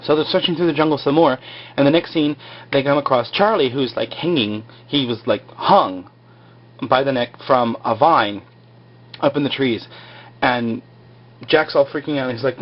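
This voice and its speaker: A man at a mid-range pitch talks through a TV episode. His recap rambles, full of "like" and "um" and joking side remarks. The sound is dull and lo-fi, like a cheap home mic. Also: normal speed. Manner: rambling, filler-heavy, joking asides. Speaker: video blogger recapping a TV episode. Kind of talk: casual spoken recap.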